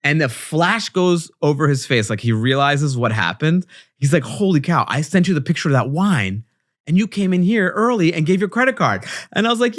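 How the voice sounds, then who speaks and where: A man with a Long Island accent co-hosts a podcast in casual chat. His voice sits a little high for a man and swoops through a very lively range. He acts out every quote as he goes. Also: moderate pace. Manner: animated storyteller acting out quotes. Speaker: podcast co-host.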